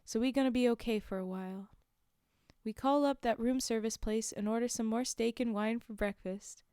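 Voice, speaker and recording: A woman's voice: fairly high pitch, steady tone, normal speed, mellow, clear, resonant tone, no room sound, studio quality. A woman streaming a book reading, reading the text plainly and breaking off for chatty, amused asides.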